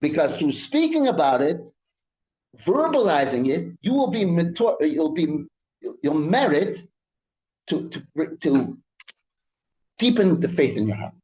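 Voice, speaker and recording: Man teaching a lively Torah class. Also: a little high, echoey room, dull audio. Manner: reads Hebrew quickly, then explains it in English with repetitions and restarts. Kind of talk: Torah class, reading Hebrew text and translating. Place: synagogue room.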